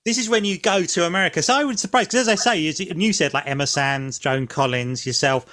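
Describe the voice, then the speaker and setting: High-voiced man, rambling questions. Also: fast talker, a bit bright. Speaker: podcast co-host. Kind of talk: casual interview chat.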